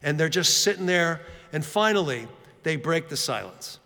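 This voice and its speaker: A man's voice: a little high, moderate pace. A man preaching a sermon, telling self-mocking stories with lots of fillers, in a church hall. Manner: animated, self-mocking anecdotes with many fillers. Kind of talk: storytelling sermon. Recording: long reverb of a large hall.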